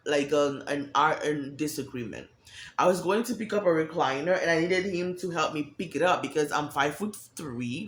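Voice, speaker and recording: A woman's voice: on the low side, fairly bright tone. Blunt, profane woman in an echoey room. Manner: blunt, profane, acts out quoted voices. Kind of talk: candid monologue on emotions.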